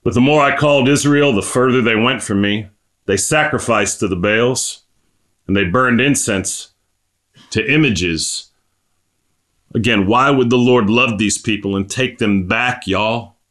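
Middle-aged male preacher, bright cutting tone, impassioned sermon delivery with slow scripture reading. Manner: impassioned, rising to emphatic high-pitched peaks.

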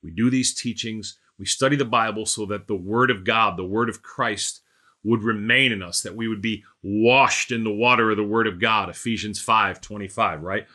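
Guy leading a bible study, bright forceful voice, keeps repeating himself for emphasis. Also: on the low side, fairly even intonation, normal speed. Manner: emphatic, repeats phrases, asks the group rhetorical questions; calls on listeners by name. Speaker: Bible teacher. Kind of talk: informal Bible study teaching.

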